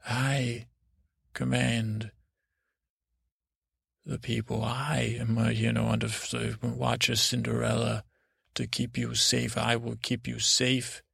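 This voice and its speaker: Man voicing a proud temperamental queen, rambling, halting, gravelly voice, dry sound. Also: mid-range voice, completely flat delivery, a bit bright, no echo, exaggerated voice. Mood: commanding. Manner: rambling, halting, full of restarts.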